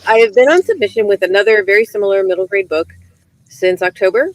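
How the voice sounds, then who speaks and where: A woman chats on a livestream in an easy, explanatory way, an author talking shop about her books. Her voice sits at a middle pitch, and the sound is dry and close on a webcam mic. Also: expressive, fast, no room sound, low-quality recording. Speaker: author and book coach. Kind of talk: casual livestream chat.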